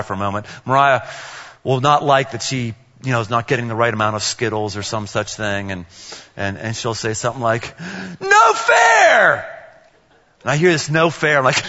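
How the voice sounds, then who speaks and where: A middle-aged man preaching a sermon, playful and animated, acting out family scenes with big swings in his voice. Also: in a large hall, dull audio. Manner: animated, playful, acts out dialogue with big pitch jumps. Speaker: pastor.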